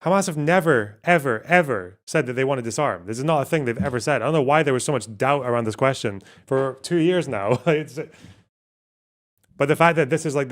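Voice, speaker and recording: A male streamer talks loosely over clips he is watching, with a middle-pitched voice, quick curses and frequent laughter. His delivery is offhand and self-mocking, and he stumbles as he reads translations aloud on the fly. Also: fairly bright tone. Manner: casual, profane, laughs often, self-mocking. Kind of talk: live-stream commentary.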